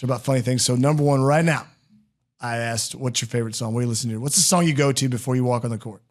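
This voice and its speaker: A man's voice: mid-range voice, rapid-fire. Joking, rambling male podcast host. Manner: joking, rambling, laughs at his own jokes. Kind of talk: casual interview chat.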